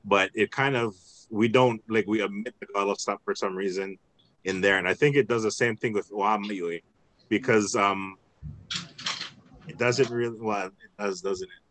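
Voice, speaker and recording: A man's voice: fairly low pitch, fairly even intonation, moderate pace, fairly bright tone, a little hiss or hum. A man teaching an online language class over a video call, patient and thinking aloud with many restarts.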